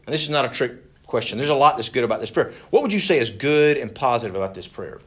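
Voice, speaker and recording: A Bible study leader teaches a passage to a group in a conversational way, often asking them questions and repeating words as he restarts. His mid-range voice is expressive and fairly bright, and he talks fast.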